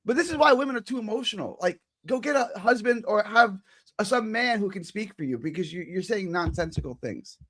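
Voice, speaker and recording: A man arguing loudly and combatively with chat comments on a live stream. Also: high voice, expressive, fairly quick. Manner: combative, argumentative, loud. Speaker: regular show guest. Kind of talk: heated live-stream talk.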